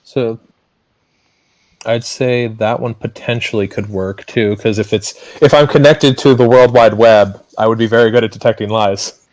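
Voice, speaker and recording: A man's voice: medium pitch, steady tone, moderate pace, a little mellow, poor audio. A man playing a tabletop game, asking questions and thinking aloud about his character. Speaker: player. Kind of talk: casual chat at the game table.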